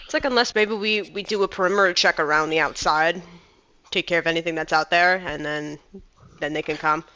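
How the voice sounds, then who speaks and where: A woman's voice: fairly low pitch, fairly quick, pushed and bright. A woman playing a tabletop game, talking casually and laughing often. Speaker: player.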